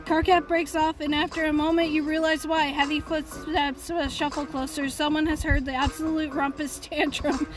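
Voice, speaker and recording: A woman's voice: high voice, little pitch movement, normal speed, low-quality recording. A woman streamer reading a visual novel aloud live, in a casual tone with amused asides. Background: game music.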